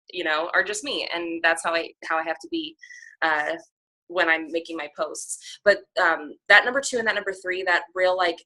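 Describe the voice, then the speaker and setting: A young woman chatting on a team call in a bright, forceful voice set fairly low. She talks candidly and sarcastically, full of fillers and quick laughs. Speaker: fitness coach. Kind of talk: casual chat on a team call.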